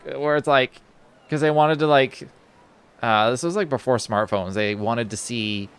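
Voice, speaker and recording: A young man streaming a game tells a casual, rambling story in a medium-pitched, clear, resonant voice with a slightly bright tone. He takes his time, yet often restarts, fills gaps with filler words, and swears casually.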